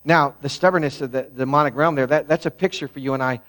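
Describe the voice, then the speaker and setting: A man's voice: mid-range voice, fairly even intonation, quick pace, fairly bright tone. A male pastor preaching a sermon in a conversational way that rises to emphatic peaks.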